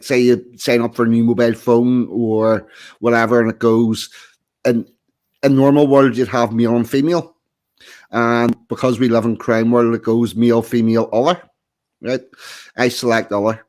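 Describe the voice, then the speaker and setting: A man chatting casually on a stream, explaining a point with dry, deadpan jokes. His voice sits at an ordinary middle pitch. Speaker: stream co-host. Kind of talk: casual chat.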